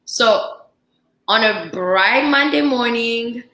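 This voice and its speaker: Her voice is a little high and her pace slow. The young woman, a chef from Central Africa guesting on a podcast, tells a story casually and animatedly, acting out dialogue with frequent "like", recorded in a roomy, echoey podcast room.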